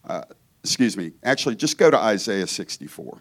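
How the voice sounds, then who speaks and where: A man's voice: fairly low pitch, big pitch swings, a little fast, a bit bright. A man from Georgia preaching as a guest in a church, conversational and joking, often breaking off to restart his thoughts. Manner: conversational, joking, self-interrupting. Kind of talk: informal sermon.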